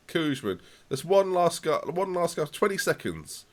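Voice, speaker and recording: A young man commentating live on his football management game, reacting loudly to the match and chatting to viewers. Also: fairly high pitch, very animated, slow pace.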